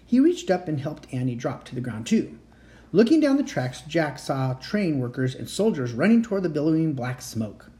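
A dark, mellow voice reads a children's chapter book aloud at home in a sing-song manner and a moderate pace. The pitch shifts a lot through the story, and there are occasional slips and restarts.

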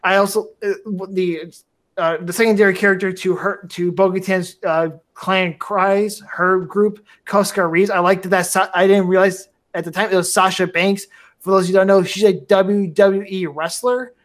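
Brief: excitable fan host, mid-range voice, rambling casual review chat. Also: medium pitch, moderate pace. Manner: enthusiastic, rambling with restarts and laughs. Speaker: podcast host.

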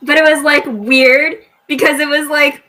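A woman in a casual book discussion, animated and incredulous, acting out scenes as she talks. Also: high-pitched, a little slow. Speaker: book club member.

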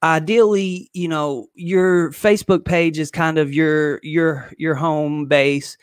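A man coaching on online business in a casual livestream, excited and quick, with lots of fillers and restarts. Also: a little high, clean tone, dry recording, studio quality. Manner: excited, fast talker who skips points; filler-heavy, loose and conversational.

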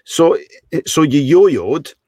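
A man hosting a casual podcast interview, asking halting questions with many restarts. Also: fairly high pitch, very animated, crowd noise. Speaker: podcast host.

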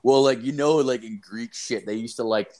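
Medium pitch, moderate pace: a man recounts a story in casual conversation, rambling and cursing, with plenty of "like" and "dude." He's animated and dramatizes the lines he quotes.

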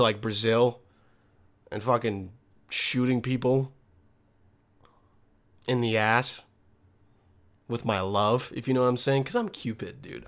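Young male host, casual comic rant, profane and rambling, average pitch. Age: young adult. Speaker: student.

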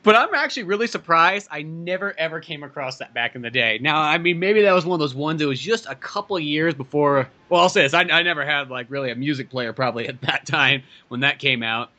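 A man's voice: a little high, quick pace, hardly any pauses, sharp tone. A man hosting a podcast over a video call, talking loosely with lots of swearing and laughter. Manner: loose and profane, laughs often. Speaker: podcast host. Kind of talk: casual chat.

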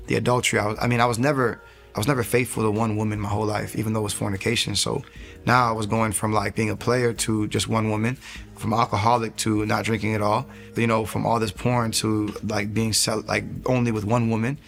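A man's voice: on the low side, little pitch movement, fairly quick, vocal fry, a bit bright, soft background music. A man in his thirties, an interview guest, giving a personal faith testimony in an earnest, rambling way and acting out the lines he once said. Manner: earnest, rambling storyteller, acts out his own quotes.

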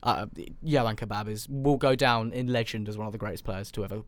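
A man's voice: lowish voice, fast talker, no room sound. A young man co-hosting a casual football podcast in a studio, rambling and sarcastic with lots of ums. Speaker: podcast co-host.

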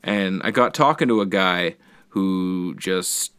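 A man's voice: low voice, slow, clean tone. A man chatting casually, rambling and swearing as he tells stories with sound effects. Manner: rambling, profane, animated storytelling with sound effects. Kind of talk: casual chat.

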